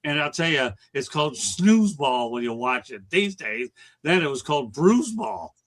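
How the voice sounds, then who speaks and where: A man's voice: fairly high pitch, sing-song, normal speed, a bit bright. A man hosting a sports talk show, arguing his point emphatically and insistently. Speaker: host.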